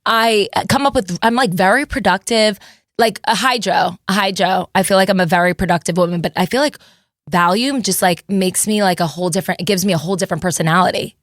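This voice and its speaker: A woman's voice: mid-range voice, quick pace, a bit bright, no room sound, clean studio sound. A young woman from New Jersey hosting a podcast, chatting casually and rambling, with many fillers and laughs. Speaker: podcast host.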